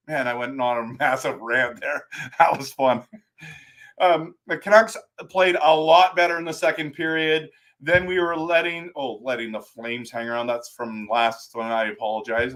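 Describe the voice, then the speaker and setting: A man hosting a live stream as a hockey fan, talking in an excitable, ranting way with frequent restarts. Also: on the high side.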